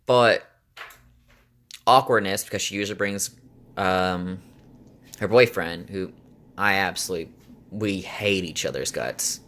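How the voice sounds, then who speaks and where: Low-voiced young man rambling in a vlog. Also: a little slow, pauses often, a bit bright. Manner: rambling and chatty, many fillers, venting with exasperated laughs. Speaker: vlogger. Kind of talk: casual chat.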